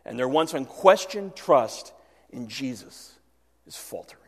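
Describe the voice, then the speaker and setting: A man preaching a sermon, earnest, voicing the disciples' fears aloud and dropping to a hush at key lines. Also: mid-range voice, animated, a little slow, slightly rough. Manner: earnest, swings from loud to hushed. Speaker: pastor. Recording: long hall reverb.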